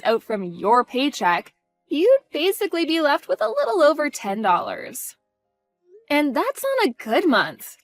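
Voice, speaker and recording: A woman's voice: fairly high pitch, fairly bright tone. A woman voicing a scornful wife who confronts her cheating husband in a cold, mocking, cutting way. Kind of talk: voiced story drama.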